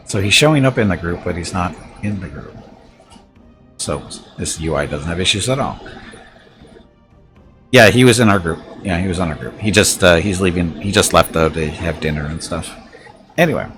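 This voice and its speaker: A man's voice: low-pitched, lively intonation, normal speed, a bit bright, soft background music. A man streaming a game, chatting in a laid-back, joking way and chuckling often. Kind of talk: casual gaming livestream chat.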